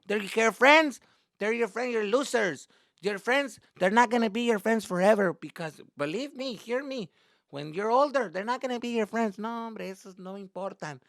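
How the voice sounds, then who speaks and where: A man's voice: high-pitched, normal speed, gravelly, fairly bright tone, no room sound, clean studio sound, pitched above the performer's own voice. A man doing a lecturing mom. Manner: lecturing, switches between Spanish and English. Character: scolding immigrant mother, earnest and devout.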